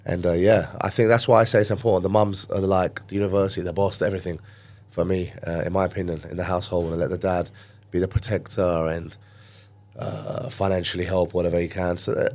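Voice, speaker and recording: A man with a London accent, a podcast guest, telling stories from his youth in a casual, animated way and acting out the voices of people he quotes. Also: low voice, fast. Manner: animated storyteller who acts out quoted voices. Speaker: podcast guest, gym owner. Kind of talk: casual storytelling interview.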